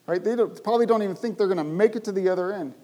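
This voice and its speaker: Man preaching, slightly high voice, warm mellow tone, animated emphatic delivery. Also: very fast, rough recording. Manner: animated preaching, rising to loud emphatic bursts. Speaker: pastor. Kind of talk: sermon.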